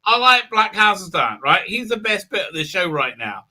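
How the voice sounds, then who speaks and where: A man with a high, very bright voice hosts a livestream. He recaps a show in a loose, rambling way, full of "uh, uh" fillers. He keeps breaking into mocking character voices. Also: sing-song, moderate pace. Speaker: host of a fan commentary livestream. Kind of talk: casual recap with mocking impressions.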